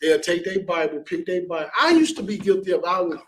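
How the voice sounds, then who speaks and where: A man's voice: high-pitched, expressive, fairly quick, a bit bright, distant mic, slight background noise, poor audio. A man teaching a Bible class in an emphatic, blunt and repetitive preaching style, often ending lines with "man".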